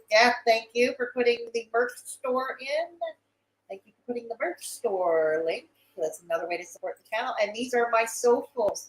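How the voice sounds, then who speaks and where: A woman's voice: on the high side, low-quality recording. A woman hosting a casual livestream, reading chat aloud, greeting viewers by name and trading sarcastic remarks. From Canada.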